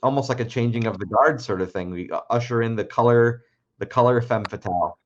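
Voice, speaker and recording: A man hosts an interview in a relaxed, friendly tone, asking questions like a fellow fan. His audio sounds muffled and lo-fi. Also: mid-range voice, a little fast. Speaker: host, interviewer. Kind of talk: casual interview over video call.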